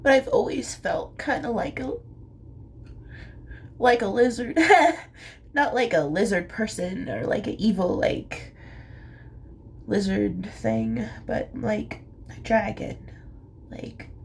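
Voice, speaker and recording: A young woman talks slowly through tears in a small, gravelly voice. She speaks haltingly, with soft, breathy, half-whispered asides. A faint hiss of noise sits under the recording. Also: medium pitch, sing-song. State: crying. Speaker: vlogger. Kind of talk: tearful confessional monologue.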